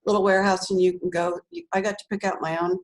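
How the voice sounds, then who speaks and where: A woman's voice: fairly low pitch, little pitch movement, fast talker, poor audio. An older woman, a guest author, telling a story in a chatty way, laughing often and using many fillers. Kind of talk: animated storytelling.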